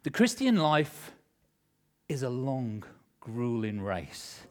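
A middle-aged man, a pastor, delivers a sermon built around a personal story, his emotion animated as he swings from loud to hushed. His pitch sits in the medium range and his pace is slow.

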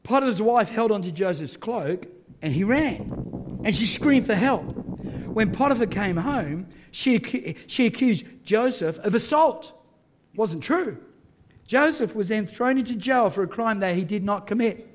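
A man's voice: sits high, animated, measured pace. A middle-aged Australian pastor preaching a sermon, telling a story conversationally with fillers and restarts, then pressing his point emphatically.

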